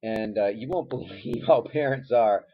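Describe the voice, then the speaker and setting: Man, husky voice, middle pitch, casual advice talk, dull lo-fi sound. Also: normal speed. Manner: conversational, lots of fillers, animated retelling. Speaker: former teacher giving advice. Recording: dull lo-fi recording.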